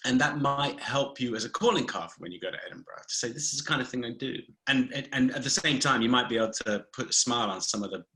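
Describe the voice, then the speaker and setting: A man's voice: medium pitch, fast, hardly any pauses, pushed and bright, a little hiss or hum, poor audio. A man hosting an interview over a video call, encouraging and full of enthusiastic interjections. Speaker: host.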